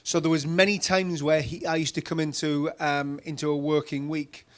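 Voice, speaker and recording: A middle-aged man with a Geordie accent from Newcastle, telling chatty, animated anecdotes on a conference stage, full of fillers. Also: on the high side, moderate pace. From Newcastle, England. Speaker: keynote speaker.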